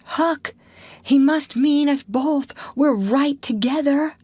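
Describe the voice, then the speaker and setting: A woman's voice: sits high, slow pace, no echo, pitched above the performer's own voice. A woman voicing a frightened country boy. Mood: scared. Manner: rural dialect, urgent hushed talk. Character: frightened boy, bold but superstitious. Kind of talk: audiobook character voice.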